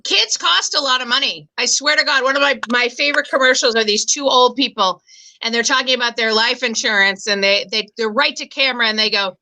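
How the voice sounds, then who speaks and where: A woman in her forties performing stand-up, her voice pitched high and very bright. She talks in a self-deprecating way, stumbling through fillers and restarts as she builds toward each punchline. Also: a little fast, rough recording. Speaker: stand-up comedian. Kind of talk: stand-up comedy set.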